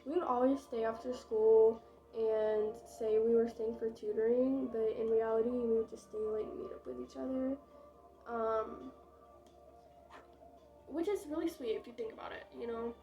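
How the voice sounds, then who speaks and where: A woman's voice: fairly high pitch, fairly even intonation, moderate pace, highs cut off, faint music behind. A young woman vlogger telling a casual storytime, chatty and dramatic, with lots of fillers and swearing.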